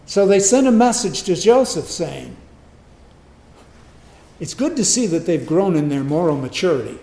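A man's voice: sits high, animated, moderate pace, creaky, long pauses, warm tone, echoey room. A man preaching a sermon, reading scripture and acting out the characters with humor and drama. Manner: dramatic, acts out biblical voices with humor.

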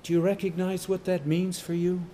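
A man preaching a sermon, emphatic and repetitive, building to sudden loud cries on key words. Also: sits high, level tone, normal speed, slight background noise.

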